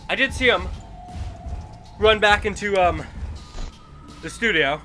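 A man with a stuffy nose commentating a horror game as he plays, jumpy and quick to yell back at the enemies. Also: sits high, faint music behind. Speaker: gaming YouTuber. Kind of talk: horror let's-play commentary.

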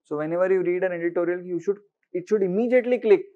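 Indian English male teacher, high-pitched, drills and questions his class, slightly muffled recording. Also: racing. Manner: questioning, mixes Hindi words, repeats for emphasis. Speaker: exam-prep teacher. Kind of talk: lecture to students.

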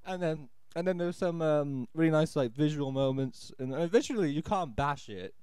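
A man's voice: on the high side, lively intonation, normal speed, a little mellow, clear, resonant tone, no room sound. A man giving a rambling, exasperated, sarcastic spoken film review. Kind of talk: ranting audio film review.

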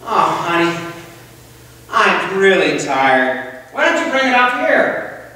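A man voicing a tired mother who wants a quiet moment and grows irritated, in a sermon story. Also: sits high, big pitch swings, slow, heavily acted. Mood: weary. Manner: weary, then snappish. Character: tired exasperated mother, adult woman. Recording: echoey church hall, distant mic.

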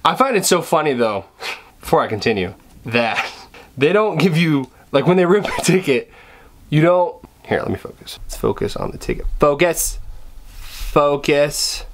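A man's voice: on the high side, sing-song, moderate pace, a little hiss or hum. A young man rambling casually to camera at home, self-deprecating and full of restarts. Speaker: vlogger. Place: bedroom at home, indoors.

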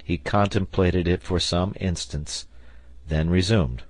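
Deep-voiced male audiobook narrator. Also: slow pace, no echo. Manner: expressive storytelling. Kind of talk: scripted narration.

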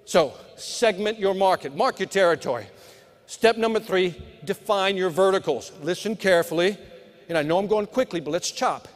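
A man's voice: high voice, moderate pace. A middle-aged man giving a live keynote on sales at a conference, with punchy motivational delivery that talks straight to the crowd. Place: large conference hall. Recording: long hall reverb.

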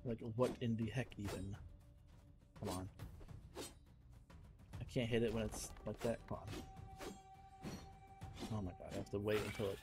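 Low-voiced man cursing at a game. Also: fairly even intonation, moderate pace, pauses often, music in the background. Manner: exasperated, swearing, reacting loudly to the game. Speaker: game streamer. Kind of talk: live gameplay commentary.

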